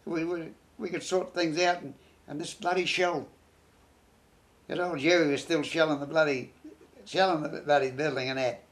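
An older man, a war veteran, reminiscing in an interview in a halting, rambling way, full of restarts and tag phrases. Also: on the high side, fairly even intonation. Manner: rambling, halting, many restarts and "you know".

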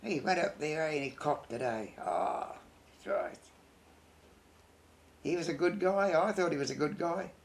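An older man, a war veteran, reminiscing in an interview in a halting, rambling way, full of restarts and tag phrases. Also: fairly high pitch, gravelly. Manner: rambling, halting, many restarts and "you know".

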